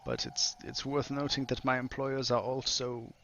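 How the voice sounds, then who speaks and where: A man voicing a polite, deferential male scholar who speaks haltingly and full of fillers. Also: mid-range voice, creaky, fairly bright tone, dull audio, slight background noise, voice pushed up. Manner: halting, filler-heavy speech.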